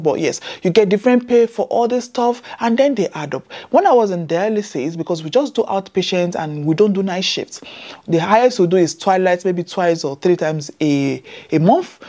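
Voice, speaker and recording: A Nigerian woman in her thirties, based in Scotland, talks to camera in a casual vlog with a lowish, dark voice. As a nurse vlogger she chats to her viewers and tells her story, adding emphatic asides.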